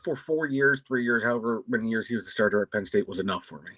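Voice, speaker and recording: A man with a Pittsburgh accent co-hosting a sports show, giving frank opinions with quick restarts. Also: on the low side, fairly bright tone, no echo, low-quality recording. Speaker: podcast co-host. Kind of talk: casual live sports talk.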